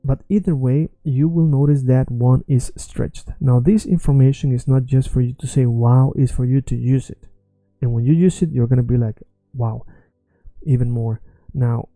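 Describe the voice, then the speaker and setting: A man teaching pronunciation in a lesson, a native Swedish speaker talking English, who repeats example words slowly and draws them out. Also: mid-range voice, dark tone, no room sound, rough recording. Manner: slow, drawn-out repetition of example words. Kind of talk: explaining pronunciation to learners.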